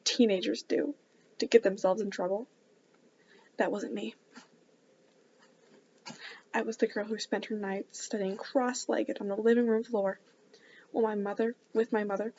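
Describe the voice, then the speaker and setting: A woman casually reading a novel aloud in a soft, hushed voice, stopping now and then for chatty asides. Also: medium pitch, muffled recording, slight background noise. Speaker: book club reader.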